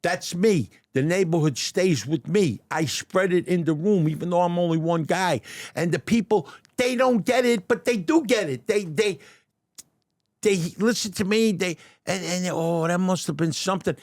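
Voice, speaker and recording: An older man with a New York accent telling stories in a casual interview, animated and stammering over his starts. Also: high-pitched, normal speed, no room sound, studio quality. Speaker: guest, deli owner turned actor. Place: restaurant dining room.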